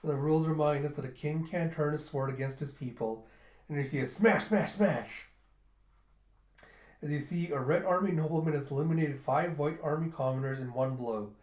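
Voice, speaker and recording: A man's voice: a little high, fast, hardly any pauses, darkish tone, roomy sound. Man casually retelling a comic. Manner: retells the story, acting out lines. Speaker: book reviewer. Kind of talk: casual manga readthrough.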